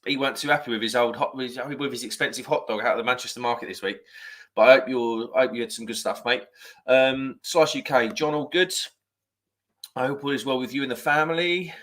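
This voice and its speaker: A chatty man with a bright, forceful voice, hosting a casual live stream. He rambles, corrects himself mid-sentence and reads out comments as they come in. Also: medium pitch.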